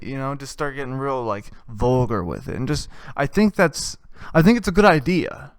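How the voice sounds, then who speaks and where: A man's voice: medium pitch, expressive, moderate pace, clear, resonant tone, no room sound. A male host telling crude, rambling jokes in an ironic comedic monologue.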